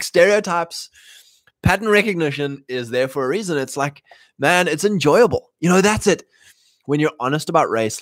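A man's voice: mid-range voice, no echo, studio quality. A man hosting a podcast, talking in a casual, rambling monologue with many restarts and mocking put-on voices.

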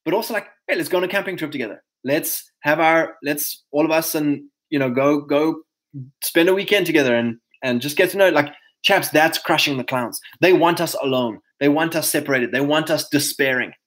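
A man hosting a casual livestream, talking to his viewers in an energetic, preachy way. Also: on the high side, brisk, low-quality recording. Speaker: host.

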